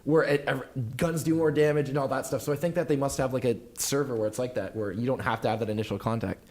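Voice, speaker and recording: Fast-talking, rambling male podcast host. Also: medium pitch, steady tone, darkish tone. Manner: rambling, loose and profane, with frequent fillers. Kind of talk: casual gaming podcast chat.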